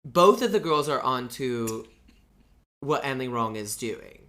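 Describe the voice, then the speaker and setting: Male podcast co-host, casual and animated, curses freely, jumps into characters' voices; mid-pitched. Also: a little slow. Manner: animated, swears freely, acts out characters' lines. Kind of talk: casual chat recapping a TV drama.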